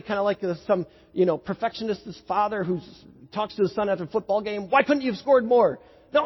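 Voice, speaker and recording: A man preaching a sermon as a pastor, telling the story in an animated way that builds to excited peaks. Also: high-pitched, breathy edge. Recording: dull lo-fi sound with long hall echo.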